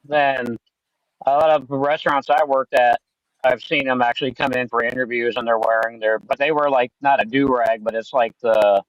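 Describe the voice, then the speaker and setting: A relaxed man chats casually and thinks aloud. His voice is dry and close. The sound is somewhat dull and lo-fi. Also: mid-range voice, moderate pace, no echo. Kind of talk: casual chat.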